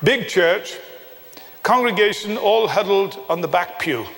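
A man preaching a sermon, telling a story with acted dialogue and emphatic pauses, from England. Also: sits high, expressive, vocal fry, fairly bright tone, long reverb tail.

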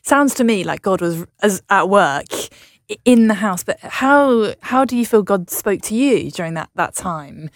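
A woman at a middle pitch interviews her guest. She prompts him with follow-up questions and often restarts her phrasing. The sound is dry, with no room echo. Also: expressive, measured pace. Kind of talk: conversational interview.

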